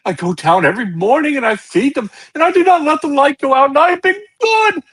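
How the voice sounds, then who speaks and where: A man voicing a terrified elderly man who weeps and pleads, his voice shaking and breaking into shouts. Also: extremely high pitch, expressive, fairly quick, pitched above the performer's own voice, poor audio. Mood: desperate weeping. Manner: sobbing, shaky, pleading, rising to shouts. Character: terrified weeping old man guarding cabin.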